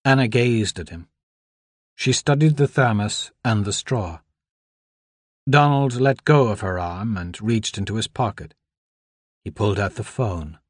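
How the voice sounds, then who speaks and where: A man narrating a novel in a measured, even storytelling manner. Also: lowish voice, slightly rough, no echo, clean studio sound. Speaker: audiobook narrator. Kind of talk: scripted narration.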